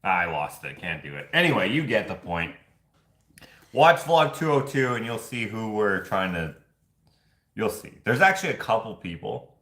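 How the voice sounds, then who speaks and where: A man with a fairly low voice hosts a casual vlog, rambling and chuckling as he talks. The sound is roomy and echoey. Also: big pitch swings, normal speed, fairly bright tone. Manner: rambling, chuckling, loose and chatty. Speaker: vlog host running a giveaway. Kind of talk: casual chat.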